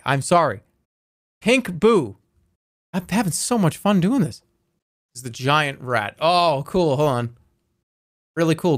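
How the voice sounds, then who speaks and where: A man's voice: fairly high pitch, no echo. Playful male streamer, dry close sound. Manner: playful, rambling, reads viewer messages aloud. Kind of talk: live game stream commentary.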